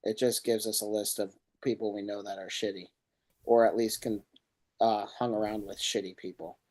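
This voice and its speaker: A man's voice: fairly low pitch, flat delivery, normal speed, darkish tone. A man co-hosting a podcast, rambling casually and searching for words as he talks. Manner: rambling, loses words, laughs at himself. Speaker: podcast co-host. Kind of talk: casual chat.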